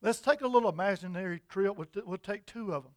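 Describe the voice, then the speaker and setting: A man preaching a sermon, telling an imagined story in an animated, repetitive way. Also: sits high, fast, no echo.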